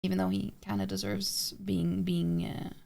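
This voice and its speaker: A woman's voice: mid-range voice, level tone, moderate pace, gravelly, a little mellow. A woman streamer reading game text aloud, breaking off into chatty, hesitant asides.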